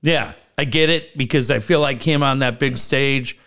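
A man's voice: medium pitch, moderate pace, a bit bright. A man hosting a casual sports talk show, eager and rambling. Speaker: host.

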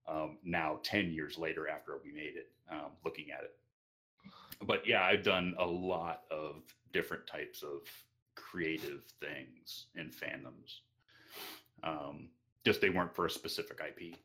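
A man answering interview questions casually, hesitant with frequent pauses and restarts. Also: extremely low pitch, fairly even intonation, pushed and bright. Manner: hesitant, many ums and restarts. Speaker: interview guest.

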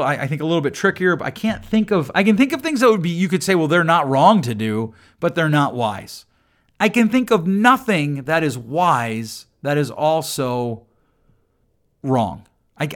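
A man with a somewhat higher voice, talking through his own podcast alone. He speaks casually and often stumbles over repeated words before going on, with a dry humor. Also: fairly bright tone. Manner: conversational, repeats and restarts words, self-mocking dry humor. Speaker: podcast host. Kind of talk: solo podcast monologue.

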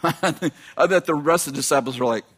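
A man preaching a sermon, reading scripture aloud and breaking off into quick, animated asides to the congregation. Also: on the high side, a little hiss or hum.

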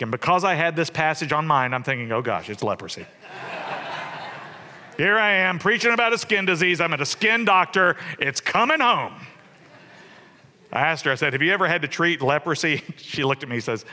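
Bright-voiced man preaching in a reverberant hall. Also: medium pitch. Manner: conversational storytelling, swings loud and soft. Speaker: pastor. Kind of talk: sermon. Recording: long reverb of a church hall.

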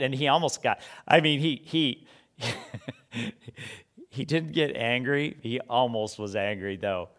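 A man's voice: mid-range voice, measured pace, a bit bright. A man preaching a sermon in a conversational way, full of rhetorical questions and stumbling restarts.

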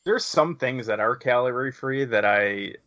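A man in loose conversation who restarts his sentences often. His voice is bright and pushed forward. The recording is dry and dull, with a lo-fi edge. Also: mid-range voice, animated, measured pace, no echo. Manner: rambling, restarts a lot, laughs along. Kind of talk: casual chat.

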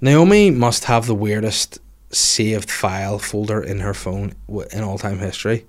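A man's voice: on the low side, measured pace. A man hosting a podcast, chatting casually and joking irreverently as he reads out listener stories. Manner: joking, irreverent, swears freely. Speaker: podcast host.

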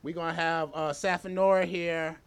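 A man's voice: a little high, level tone, normal speed, smooth. A man hosting a podcast, telling stories and joking with profanity in casual banter. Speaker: podcast host.

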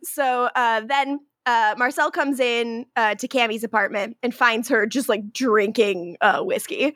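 A woman's voice: a little high, fairly even intonation, fairly bright tone, no room sound, studio quality. A young adult woman co-hosting a podcast, recapping a TV episode in casual chat, giggling often and acting out the characters' lines. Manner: giggly, quick recapping with acted-out quotes.

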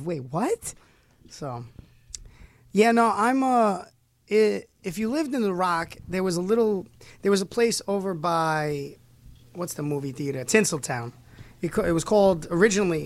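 Man, talk show host, high voice, lively swings, joking, studio mic. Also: a little slow, no room sound. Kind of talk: casual talk show banter.

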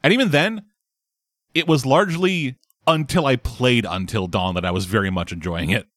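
A man's voice: medium pitch, moderate pace, dry recording, studio quality. A man in casual chat, bluntly and profanely tearing into a game. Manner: blunt, profane, animated critique.

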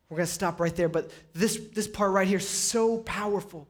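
A man preaching a sermon as pastor, rising to loud pleading peaks and dropping to quiet, low passages. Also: normal speed, few pauses. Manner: impassioned, rises high and loud on pleas then drops low. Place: church sanctuary.

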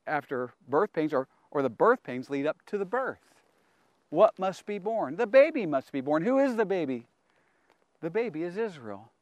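A man hosting a Bible teaching program. He preaches with passion, swings from loud to hushed, and often repeats words as he restarts. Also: high voice, dry recording, highs cut off. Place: outdoors among people in a public place.

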